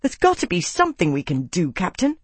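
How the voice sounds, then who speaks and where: A man's voice: sits high, wildly swooping pitch, moderate pace, slightly rough, no echo, pitched above the performer's own voice, heavily acted. Man voicing a hot-tempered young soldier. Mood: heated. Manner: blunt, heated outbursts.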